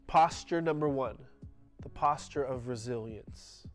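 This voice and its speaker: A man's voice: on the high side, measured pace, darkish tone, soft background music. A male pastor preaching a sermon emphatically, often restarting his phrases with repeated words.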